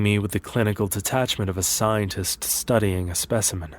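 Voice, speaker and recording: A man narrating a horror story in a measured, steady storytelling manner. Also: on the low side.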